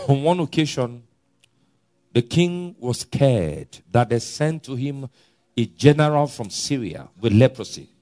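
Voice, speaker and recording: A male preacher delivering an emphatic sermon. His pitch leaps and drops in lively swings, from ringing loud declarations down to hushed, low asides. He chuckles often between points. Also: unhurried. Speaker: pastor.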